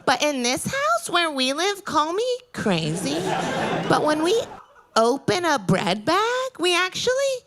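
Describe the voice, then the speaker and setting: A woman's voice: high voice, huge pitch swings, a little slow, voice pushed up, full character voice. A woman doing a prissy, nagging sister. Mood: scolding. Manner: prissy, passive-aggressive scolding. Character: fussy nagging adult sister, prim and scolding. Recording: live stage mic, loud crowd, noise. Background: audience laughter.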